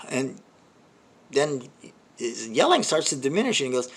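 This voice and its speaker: A man's voice: on the high side, lively intonation, brisk, gravelly, long pauses, fairly bright tone. An older man and comedy host telling a long personal story in a rambling, self-deprecating way, with many restarts and asides. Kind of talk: storytelling monologue.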